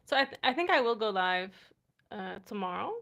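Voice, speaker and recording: An American woman hosts a casual livestream from home at night, chatting with viewers, trying out foreign words, and laughing often. Her mid-range voice is animated, brisk, and gravelly, with a fairly bright tone.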